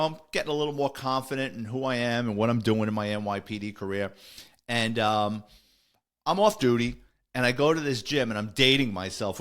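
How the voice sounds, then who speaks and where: A man's voice: medium pitch, a bit bright. An older man, a retired police officer telling stories on a podcast in a rambling way, full of fillers and self-corrections. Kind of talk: casual storytelling.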